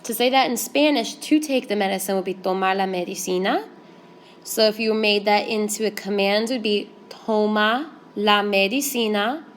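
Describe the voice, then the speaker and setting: A woman teaching a Spanish grammar lesson, explaining each step in a clear, steady way. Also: medium pitch, normal speed, slight background noise.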